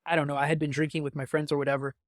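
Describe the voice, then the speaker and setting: A man in his twenties, a podcast guest, telling a candid personal story in a halting, emotional way with lots of fillers and restarts. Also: a little high, little pitch movement, no room sound, studio quality. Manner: emotional, openly moved.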